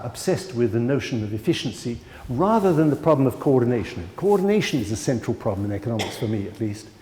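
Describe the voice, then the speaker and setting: A man lectures at a conference in a loose, chatty way, drifting into asides. His voice is mellow and dark. A long hall reverb surrounds every word. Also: mid-range voice. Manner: conversational, digressive, frequent asides and fillers. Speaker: economics professor giving a lecture.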